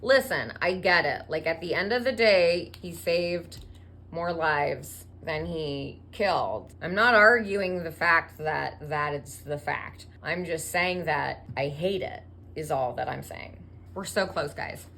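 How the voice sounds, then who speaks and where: A woman retelling a religious story as profane, sarcastic comedy with deadpan asides. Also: low voice, slow pace, vocal fry. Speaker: comedic storyteller and drag performer.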